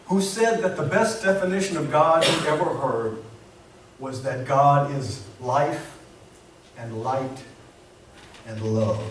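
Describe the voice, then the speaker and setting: A man pastor delivering a sermon in an earnest, measured storytelling manner with emphatic pauses. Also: mid-range voice. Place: church sanctuary. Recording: very echoey hall, distant mic, faint hiss.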